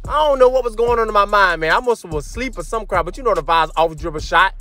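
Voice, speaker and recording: Hyped high-voiced gamer trash-talking. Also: male voice, fast talker, faint music behind. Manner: loud, animated trash talk to chat, sometimes sing-song. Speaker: gamer commenting on his basketball video game. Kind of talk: hyped gameplay commentary.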